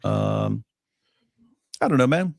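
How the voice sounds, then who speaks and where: Gravelly low-voiced man chatting casually. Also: expressive, slow, no room sound, studio quality. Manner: rambling, laughs at own jokes. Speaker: co-host. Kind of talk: casual livestream chat.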